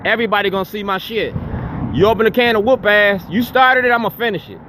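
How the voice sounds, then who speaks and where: Guy ranting defiant outdoors, high voice, faint street noise behind. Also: quick pace. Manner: defiant, repetitive, confrontational. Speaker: activist speaking at a town hall. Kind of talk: impassioned public speech.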